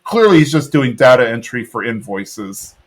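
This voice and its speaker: A man's voice: mid-range voice, sing-song, moderate pace. Easygoing man rambling through an episode recap. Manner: rambling, lots of fillers and laughs. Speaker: podcast co-host. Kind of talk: casual recap chat.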